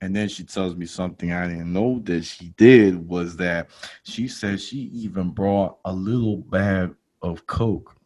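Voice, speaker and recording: Animated man telling a comic story. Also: sits low, measured pace. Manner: animated, jumps to loud exclaims in quoted lines; casual slangy talk, laughs through story. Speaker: podcast host.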